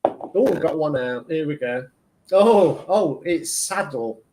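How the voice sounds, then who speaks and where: A man's voice: a little high, expressive, slow, background noise. Rambling man giving a psychic reading. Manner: chatty and meandering, lots of fillers and restarts, acts out his own inner arguments. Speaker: tarot reader and medium on a live stream. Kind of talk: intuitive reading on a live stream, rambling.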